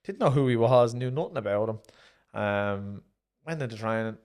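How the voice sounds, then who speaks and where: A man's voice: lowish voice, animated, moderate pace, darkish tone, clear, resonant tone. An Irish man, a former pro boxer, telling stories in a casual interview, re-enacting his own exchanges and swearing freely.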